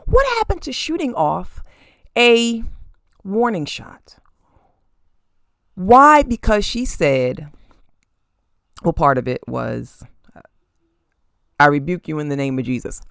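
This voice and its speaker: Emphatic gravelly podcast host. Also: mid-range voice, a bit bright, dry recording, clean studio sound. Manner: emphatic and blunt, cursing, checking in with "okay?". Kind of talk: casual opinion commentary. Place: room at home with crystals and statues on display. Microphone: camera facing the host.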